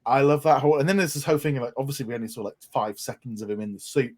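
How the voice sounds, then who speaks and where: Chatty podcast co-host. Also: male voice, medium pitch, very fast, darkish tone. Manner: chatty, enthusiastic, many restarts. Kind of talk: casual chat.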